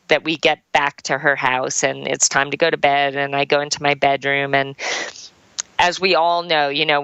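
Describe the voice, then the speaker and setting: A woman speaking in a low voice with a gravelly edge tells a heartfelt personal story as a podcast guest. Her tone is bright and crisp, and she often drops "like" as she talks. The sound is dry and close. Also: dry recording, muffled recording. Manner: earnest, heartfelt, with frequent "like" fillers. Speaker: triathlon champion and coach, guest.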